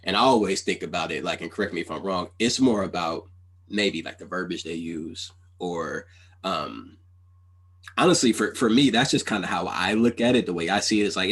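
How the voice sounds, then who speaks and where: A man's voice: deep voice, lively intonation, normal speed, breathy edge. A man hosting a casual podcast interview, earnest and rambling, full of "you know" and "like". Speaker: podcast host.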